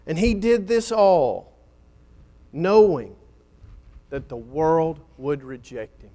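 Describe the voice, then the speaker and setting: A male preacher with a fairly high voice delivers a sermon at an unhurried, deliberate pace. He swells on key phrases and then drops almost to a hush at their ends, in a dramatic pulpit style. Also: expressive.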